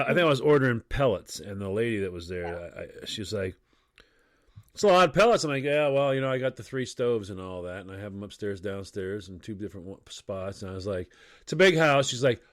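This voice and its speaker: A man's voice: on the low side, dry recording, clean studio sound. A middle-aged man chatting casually on a podcast, telling stories and acting out the voices of the people in them. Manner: animated storyteller, acts out quoted voices.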